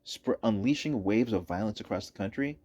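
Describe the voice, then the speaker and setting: Low-ish voiced guy ranting commentary over video clips, emphatic, repeats himself. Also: expressive, fairly quick, warm tone, dull audio. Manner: emphatic, repeats points for stress. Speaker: political commentator. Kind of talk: opinionated commentary over footage.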